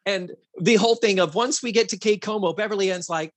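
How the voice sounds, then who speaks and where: A man hosting a podcast in a casual chat, talking in an animated, profane way and acting out quotes from a sitcom. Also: high-pitched, brisk, no echo. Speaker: podcast host.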